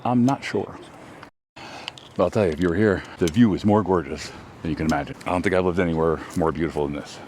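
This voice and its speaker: Speaking a little fast in a low, somewhat mellow voice, a Texas, US host rambles about his throws during a casual vlog on an outdoor disc golf course. He's chatty and self-deprecating, and there's a bit of hiss or hum.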